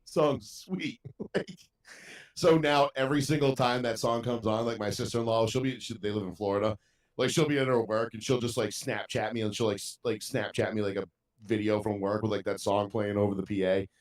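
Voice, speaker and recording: A young man co-hosts a podcast, laughing as he rambles through a long, profane story in casual chat. His voice sits on the low side, with fairly even intonation and a brisk pace.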